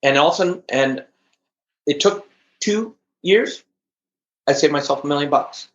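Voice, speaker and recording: High-energy, emphatic male guest. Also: moderate pace, a bit bright. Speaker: podcast guest, trainer. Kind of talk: interview conversation. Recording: echoey, dull lo-fi audio.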